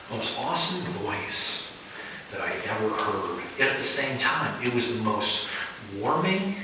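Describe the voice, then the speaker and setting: A man preaching at a house church, telling a dream story in vivid first person with halting restarts. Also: mid-range voice, background noise. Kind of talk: conversational sermon storytelling. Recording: echoey room, distant mic.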